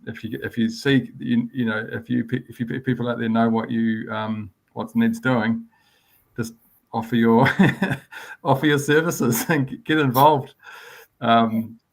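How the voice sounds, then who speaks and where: Male panelist, gravelly, encouraging and casual. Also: mid-range voice, steady tone, measured pace. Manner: encouraging, many fillers. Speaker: conservation panelist. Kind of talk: casual advice.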